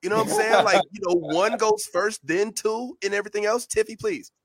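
Man, podcast host, high voice, excitable, emphatic, swears freely. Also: brisk. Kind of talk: casual chat.

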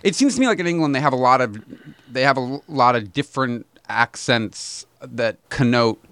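Halting man with a lively voice. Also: mid-range voice, smooth, dry recording. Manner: halting, restarts often, searching for words. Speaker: podcast guest. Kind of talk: casual chat.

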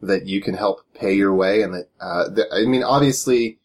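Low-pitched male host, relaxed and chuckling, casual panel chat. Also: normal speed. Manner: relaxed, chuckling, loose phrasing. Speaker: podcast host.

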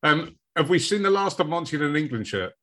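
A man hosting an interview, asking relaxed, friendly questions. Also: a little high, fairly quick. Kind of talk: casual interview.

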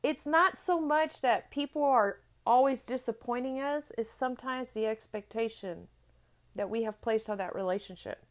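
A middle-aged woman speaking in a slightly high voice, delivering a heartfelt motivational talk. She leans on repetition to drive points home and keeps asking her listeners "right?". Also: moderate pace. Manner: earnest, repeats phrases for emphasis, asks "right?" often.

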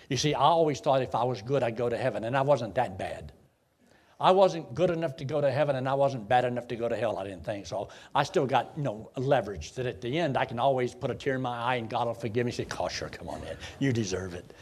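A man, a preacher telling his conversion story in a folksy way, swinging from loud bursts to hushed lows. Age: 70s. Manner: folksy storytelling with sudden emotional swells and hushed drops. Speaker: preacher giving his testimony. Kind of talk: sermon testimony.

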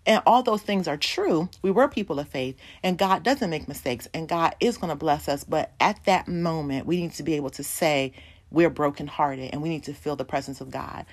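Low-voiced woman preaching a testimony. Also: normal speed. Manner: storytelling, addresses the congregation as y'all. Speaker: pastor's wife preaching. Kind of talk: sermon testimony.

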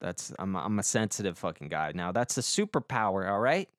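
A man's voice: deep voice, lively intonation, fairly quick, no echo, clean studio sound. A young man hosting a podcast, telling a rambling comic story, swearing a lot and making fun of himself. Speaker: podcast host. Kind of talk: casual comic monologue.

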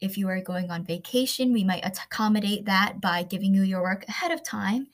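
A woman teacher recording a vocabulary lesson, slowly pronouncing each word and explaining it with everyday examples. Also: mid-range voice. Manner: slow, careful pronunciation drills.

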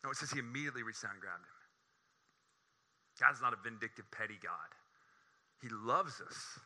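A man delivers a lively sermon with a very bright, keen edge to his voice. He is animated and joking, and his voice jumps high when he gets excited. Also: moderate pace. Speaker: preacher.

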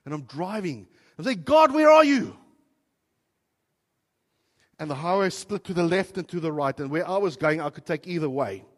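A pastor from South Africa preaches to his church, his voice sitting a little higher than most men's. He tells his story in waves, dropping soft and quiet and then rising loud with feeling. The sound carries the long reverb of a church hall. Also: a little fast, few pauses. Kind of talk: sermon.

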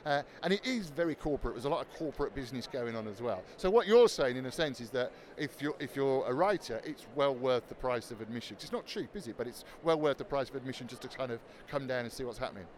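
A man's voice: medium pitch, animated, quick pace, few pauses. A man hosting a radio show, interviewing people at a busy fair in a friendly, encouraging way. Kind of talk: roving interview at a trade fair. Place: busy trade fair hall.

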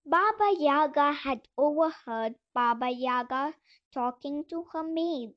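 A woman reads a folk tale aloud in a gentle, measured way. Her voice is high and her pace slow. The recording sounds dull and lo-fi. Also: expressive. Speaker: storyteller. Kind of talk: storybook reading. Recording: dull lo-fi voice message.

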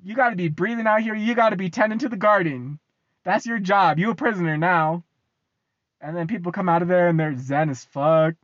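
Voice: mid-range voice, fairly quick. A young American vlogger rants casually to the camera, swearing freely, repeating lines and breaking into frequent laughter. The recording sounds muffled and lo-fi, with a close, dry sound and no room echo. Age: young adult. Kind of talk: casual ranting monologue.

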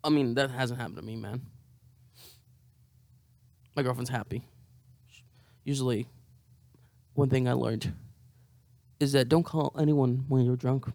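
Slow-talking hungover young man. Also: medium pitch, fairly even intonation, a little mellow, no room sound. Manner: profane, rambling, self-mocking. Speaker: vlogger. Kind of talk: casual monologue to camera.

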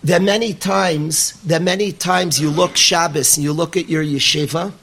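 A man's voice: on the high side, steady tone, moderate pace, a bit bright, a little hiss or hum. A man giving a sermon to a live audience, telling a story in an earnest, emphatic way with lots of repeated phrases. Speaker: rabbi teaching yeshiva students.

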